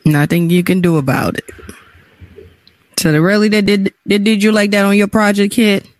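A man hosting a casual chat, laid-back and quick to laugh. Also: sits high, fairly even intonation, dry recording. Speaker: host.

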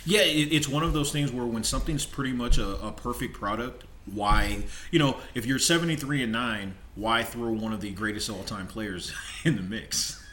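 A man's voice: medium pitch, moderate pace, hardly any pauses, fairly bright tone, slight background noise. A man co-hosting a podcast in casual chat, reading out listener submissions and laughing often. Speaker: podcast co-host.

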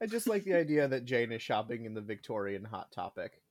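A man joining a podcast as a guest in casual chat, trading wry, quick-witted banter. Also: medium pitch, big pitch swings.

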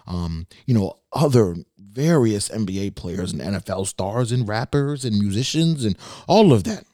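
A man hosting a casual solo podcast from his bedroom, energetic and swearing constantly. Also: on the low side, no room sound, clean studio sound. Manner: energetic, swears a lot, jumps between hype and mock sadness. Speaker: podcast host.

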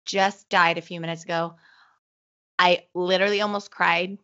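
A woman co-hosting a podcast in casual, excitable chat, her voice a little hoarse from illness, laughing often. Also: fairly low pitch, moderate pace, lo-fi sound. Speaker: podcast co-host.

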